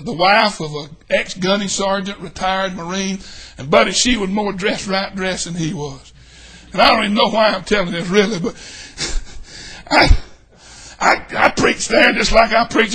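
A man with a Southern US accent preaching a sermon as a pastor, exuberant and shouting, breaking into high whoops and laughter. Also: husky. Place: church sanctuary.

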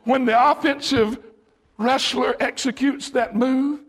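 A male preacher delivering a sermon, shouting in bursts as he tells a story. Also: extremely high pitch, fairly even intonation, slow pace.

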